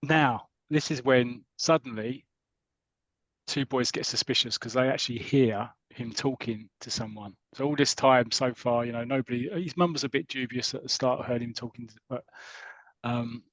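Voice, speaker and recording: A man's voice: medium pitch, normal speed, no echo. Chatty British man retelling a comic. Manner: chatty, rambling, lively when reading out characters' lines. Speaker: podcast host. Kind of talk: casual chat, retelling a comic story. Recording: dull lo-fi audio.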